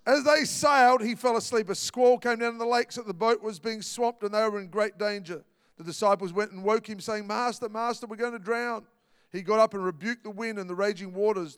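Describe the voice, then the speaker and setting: High-voiced preacher, animated. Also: male voice, smooth, no echo, studio quality, big-room sound. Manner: animated preaching, dramatic acted quotes. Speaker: pastor. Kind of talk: sermon.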